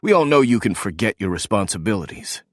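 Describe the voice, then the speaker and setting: Narrator doing a low, sarcastic ex-agent, accusing. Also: male voice, sing-song, fast, no room sound, clean studio sound. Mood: bitter. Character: bitter male ex-agent, sarcastic.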